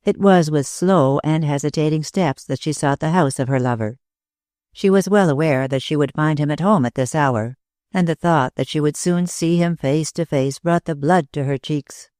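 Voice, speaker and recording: Audiobook narrator, measured, mid pitch, dry close recording. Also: a little mellow, no echo.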